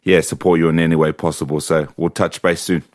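A man's voice: extremely low pitch, little pitch movement, fast, a little mellow, no room sound, clean studio sound. A man co-hosting a casual sports podcast, friendly and competitive in banter. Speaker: podcast co-host.

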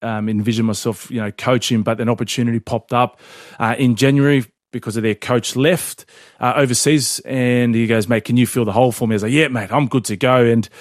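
A man's voice: medium pitch, a little fast, no room sound. Chatty man, dry close mic. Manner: chatty, animated storyteller, laughs often. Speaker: podcast co-host. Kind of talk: casual sports chat.

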